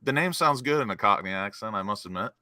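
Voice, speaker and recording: A man's voice: lowish voice, expressive, fast talker, crowd noise. A man from the United States co-hosting a casual chat, upbeat and jokey. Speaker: co-host.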